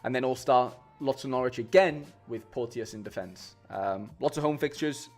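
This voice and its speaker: A man chats casually to his live-stream viewers in a middle-pitched voice, rambling with plenty of fillers and restarts. Faint music plays quietly behind him. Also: normal speed. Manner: chatty, rambling, many fillers and restarts, says "mate" a lot. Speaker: streamer building fantasy football lineups.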